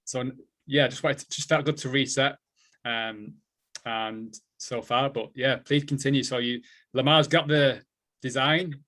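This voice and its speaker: A male host asks questions in a reflective, halting way, often restarting his sentences. His pitch sits in the middle range for a man. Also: fairly even intonation, a bit bright. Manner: thoughtful, halting, with many restarts. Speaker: interviewer host. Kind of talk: interview conversation.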